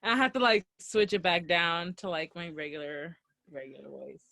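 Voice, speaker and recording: A young woman co-hosting a casual podcast, talking in a relaxed way and laughing easily. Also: fairly low pitch, normal speed, creaky, no room sound. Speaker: podcast co-host. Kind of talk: casual chat.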